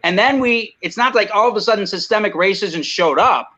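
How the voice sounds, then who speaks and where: A man's voice: high-pitched, lively intonation, fairly quick, pushed and bright, dull audio. A man speaking as a guest on a video call, heated and emphatic, often saying "you know" and "I mean". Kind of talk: impassioned video call talk.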